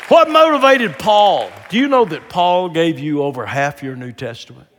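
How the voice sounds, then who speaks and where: A man preaches a sermon from a church stage. His voice sits a little high for a man. He swings from hushed, almost whispered asides to ringing shouted peaks, and a long hall reverb trails every line. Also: very animated, moderate pace, a faint crowd. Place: large church auditorium with stage.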